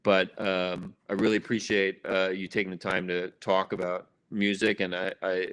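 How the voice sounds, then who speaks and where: A man hosting a casual interview over a video call, talking in a halting, thoughtful way with plenty of fillers. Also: deep voice, level tone, a bit bright, smooth. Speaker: show host.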